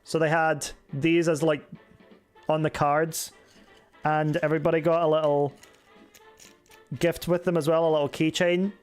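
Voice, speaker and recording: A man's voice: fairly high pitch, little pitch movement, unhurried, long pauses, clear, resonant tone. A young Scottish man streaming a game, chatting casually and with self-mockery as he reads out viewer messages and answers them. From Scotland. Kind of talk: casual live-stream chat while gaming. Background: faint background music.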